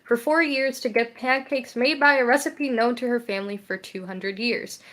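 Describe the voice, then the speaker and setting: A teenage girl co-hosting a casual podcast, excitable and laughing, reading old news stories aloud. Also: a little high, moderate pace. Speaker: podcast co-host. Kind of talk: casual chat.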